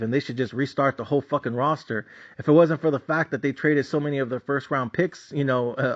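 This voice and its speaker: A man hosting a sports betting channel, ranting casually and bluntly about his team with a lot of profanity. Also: fairly high pitch. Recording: dull lo-fi sound.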